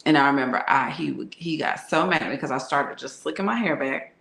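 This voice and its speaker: Deep raspy-edged lady, slangy and frank, talking about her past, roomy echo. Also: brisk, fairly bright tone. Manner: frank, conversational, slangy, laughs often. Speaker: tarot reader and channel host. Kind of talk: candid personal storytelling. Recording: echoey room.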